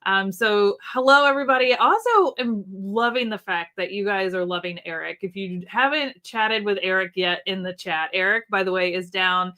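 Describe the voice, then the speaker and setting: Bright, chatty woman hosting a live stream. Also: mid-range voice, normal speed, few pauses. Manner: chatty, friendly, with frequent ums, reading chat comments aloud. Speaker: host of a live online sewing event. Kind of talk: live-stream product demo. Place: indoors at a sewing desk in Nashville, under an air-conditioning vent.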